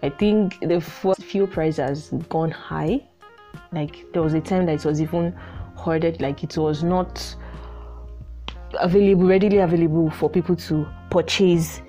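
A woman's voice: on the low side, steady tone, a little slow, dark tone, faint music behind. A young woman from Nigeria with a Nigerian accent, hosting her own podcast in casual solo chat, chatty with frequent "like" fillers. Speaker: podcast host.

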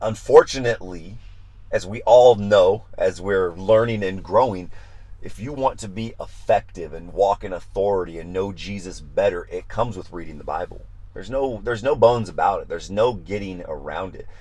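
Preaching at normal speed in a low voice, a man on a Bible study podcast stays animated and emphatic. He acts out prayers and their answers and keeps repeating phrases for emphasis.

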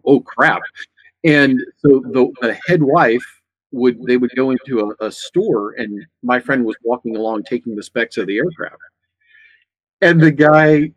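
A man's voice: medium pitch, no room sound, rough recording. A man telling a funny story in a casual chat. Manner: storytelling with laughter.

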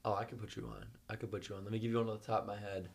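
A man's voice: fairly low pitch, little pitch movement, rapid-fire. A young man co-hosting a podcast in a studio, talking casually and animatedly, laughing often and swearing freely. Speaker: podcast co-host. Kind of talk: casual chat. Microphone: studio microphone.

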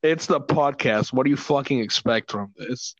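A man's voice: medium pitch, moderate pace, crowd noise. A young man hosting a podcast in casual chat, crude and jokey, swearing a lot. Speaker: podcast host. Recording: dull lo-fi sound, dry.

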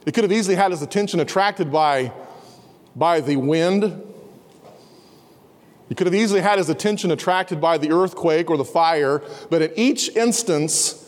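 A man preaching an earnest sermon in a slightly raised voice. His words ring out with long reverb, as in a large chapel. At quieter moments he sinks to a soft, low tone. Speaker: pastor. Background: students in a campus service.

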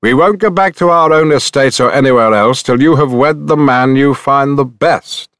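A man voicing an arrogant, pushy young male suitor in a higher, insistent tone. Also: moderate pace, fairly bright tone, no echo, clean studio sound, natural voice.

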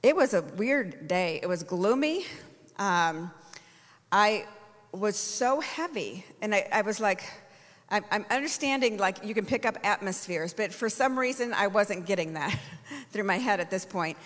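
A woman's voice: medium pitch, animated, measured pace, a bit bright. A woman apostle preaching a sermon, telling a personal story and rising into fervent praise. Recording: long hall reverb.

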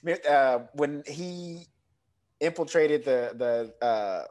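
A man in casual conversation about a film, animated and profane, acting out imagined quotes with laughter. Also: on the high side, takes it slowly. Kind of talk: casual movie chat.

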